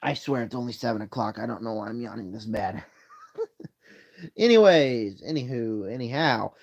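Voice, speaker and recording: A man with a lowish voice and vocal fry talks fast on a casual live stream from a room at home, using a phone mic. Tired and yawning, he rambles his way through ranking movies.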